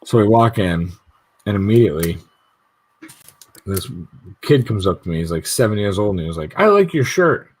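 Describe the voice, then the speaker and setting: A man's voice: low-pitched, normal speed, pauses often, a little mellow, a little hiss or hum. A man co-hosting a casual livestream chat, telling stories with plenty of swearing and acting out the voices of people he quotes. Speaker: livestream co-host.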